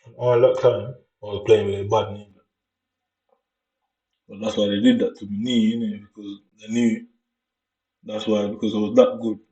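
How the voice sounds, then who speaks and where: A young Jamaican vlogger with a Jamaican accent tells a long, rambling story in casual slang, loose and unhurried. His voice is lowish, level and warm, picked up by a distant, dull mic in an echoey room.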